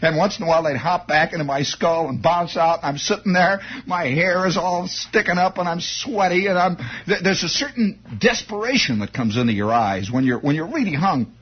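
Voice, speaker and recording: A man telling a rambling comic story in an animated, digressive way. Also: a little high, normal speed, few pauses, husky, highs cut off. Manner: animated, digressive, breaks into laughter and sound effects.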